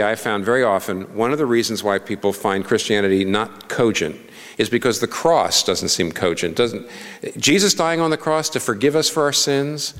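A man's voice: fairly low pitch, a bit bright. Man preaching in a reverberant church hall. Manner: earnest, conversational preaching with rhetorical questions. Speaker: pastor. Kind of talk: sermon.

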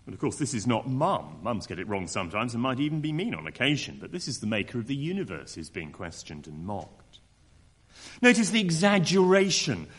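A man's voice: medium pitch, big pitch swings, a little fast, fairly bright tone, slightly rough. A man preaching a sermon, acting out quoted voices with mocking tones.

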